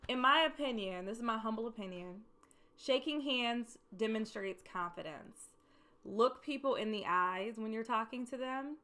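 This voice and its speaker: This is a woman in her thirties sharing workplace advice in a casual, talky way. Her tone is bright, and her soft voice leans toward sounding a little meek. She keeps returning to her main points and hammers them home. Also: mid-range voice. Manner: chatty, emphatic, repeats key advice. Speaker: vlogger giving career advice. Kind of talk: casual advice talk to camera.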